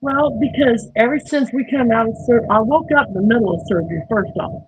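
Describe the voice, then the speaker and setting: A woman hosting a livestream, telling a personal story in a lively, folksy way and acting out what people said. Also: a little high, fairly quick, slight background noise, poor audio. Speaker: livestream host. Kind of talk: casual storytelling.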